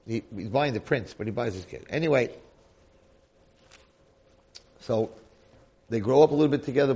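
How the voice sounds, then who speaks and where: A man giving a Torah lecture who tells a story in an animated, colloquial way. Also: medium pitch.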